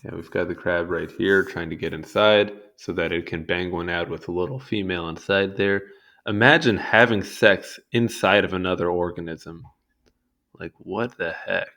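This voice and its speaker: Young man, lowish voice, casual read-along commentary, rambling and sidetracked. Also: moderate pace, sharp tone. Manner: rambling, easily sidetracked, amused asides. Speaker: video host reading a wiki article.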